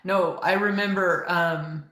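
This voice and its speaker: A woman's voice: lowish voice, fairly even intonation, slow, fairly bright tone. A woman guest telling a story in casual chat, acting out quoted lines and laughing often. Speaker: podcast guest. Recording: echoey room.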